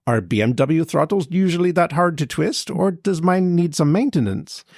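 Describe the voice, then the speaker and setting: A man co-hosting a podcast who reads a listener letter aloud in an even, matter-of-fact way. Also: a little high, normal speed, vocal fry, no echo, clean studio sound. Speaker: podcast co-host.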